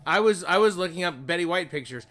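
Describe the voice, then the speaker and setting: A man's voice: high voice, expressive, fast talker, crowd noise. A man playing a tabletop game over a voice call. He talks hesitantly, restarts his sentences a lot and drops to a mumble. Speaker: player. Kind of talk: casual tabletop game chat.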